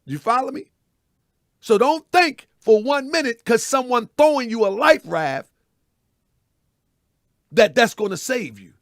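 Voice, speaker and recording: High-voiced man preaching to his viewers. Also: lively intonation, a little slow, pauses often, no echo, studio quality. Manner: preachy, repeats phrases, asks "you know what I mean?"; addresses viewers as family. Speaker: host. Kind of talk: live online commentary show.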